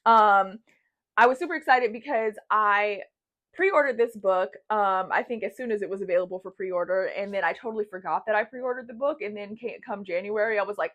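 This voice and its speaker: A young woman vlogging a book unboxing, bubbly and gushing, squealing with excitement and then reading the jacket copy aloud. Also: medium pitch, moderate pace.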